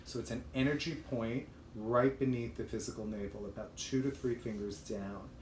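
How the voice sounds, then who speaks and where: A man's voice: mid-range voice, steady tone, moderate pace, reverberant, slight background noise. A man hosting a livestream and teaching a chant, explaining in a chatty way with fillers. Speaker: host and chant leader.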